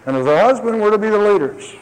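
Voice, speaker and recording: Male pastor, high voice, sermon with dry humor and dramatic drops, church reverb. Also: expressive, fast talker. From lived in Ohio. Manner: swings between emphatic rises and low quiet asides; tells humorous anecdotes to the congregation. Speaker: preacher.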